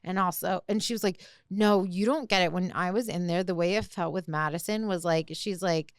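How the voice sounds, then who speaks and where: A young woman talks through a reality show with a co-host in loose, animated chat, quoting people as she goes. Her voice is smooth and clear. It sits close and dry on the mic. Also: lowish voice, fairly quick, no echo. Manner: animated recapping, heavy use of "like". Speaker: podcast co-host. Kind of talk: casual chat.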